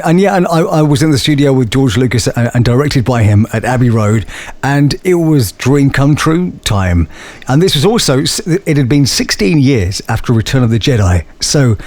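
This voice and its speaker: Male voice actor, eager and self-deprecating, ordinary mid pitch, interview chat. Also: darkish tone. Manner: enthusiastic, self-mocking. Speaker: voice actor and guest.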